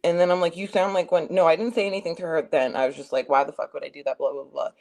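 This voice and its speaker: A woman's voice: low voice, fairly even intonation, fast, darkish tone. A young adult woman hosting a stream, retelling a chat argument in a casual, heated way with lots of swearing and emphasis. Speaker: streamer host.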